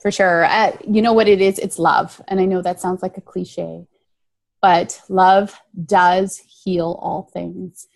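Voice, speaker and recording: A woman's voice: lowish voice, steady tone, takes it slowly, creaky, no echo. A middle-aged woman telling her recovery story in an interview, earnest and emphatic, often repeating key phrases. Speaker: guest sharing recovery story. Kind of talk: interview answers, reflective.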